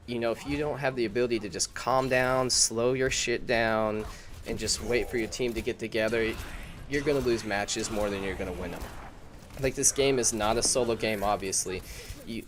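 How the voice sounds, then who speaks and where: A man's voice: medium pitch, a little hiss or hum. A young man giving casual gaming advice to his viewers in a chatty, informal way, full of fillers and restarts. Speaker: gaming YouTuber.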